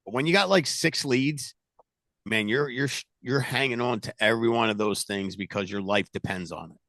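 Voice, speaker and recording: A middle-aged man leading a sales team, talking loudly and animatedly in a casual coaching chat. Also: mid-range voice, moderate pace, dry recording. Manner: loud, animated, talks with his hands.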